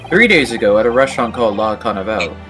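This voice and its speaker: A man's voice: on the low side, expressive, quick pace, pushed and bright, faint music behind. A man voicing an elderly court judge in a casual fan reading of a game, with formal, stately phrasing.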